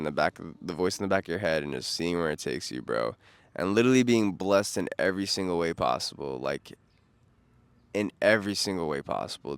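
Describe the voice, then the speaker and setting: A young man from New York with a New York accent, rambling casually and excitably about a trip, slangy and profane, losing his train of thought. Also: low voice, smooth, no echo. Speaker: vlogger.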